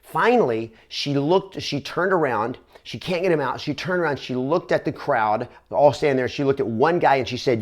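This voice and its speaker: A man working as a real estate trainer, telling a motivational story to camera in an earnest, conversational way with quick restarts. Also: mid-range voice.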